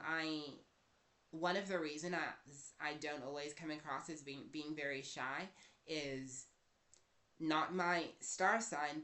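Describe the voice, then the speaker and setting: A woman talks through astrology in an unhurried, drawn-out way. Her voice is bright and clear. She stumbles, restarts and makes wry jokes at her own expense as she goes. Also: low voice. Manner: hesitant, self-correcting, wry. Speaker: astrology vlogger. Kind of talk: casual astrology talk.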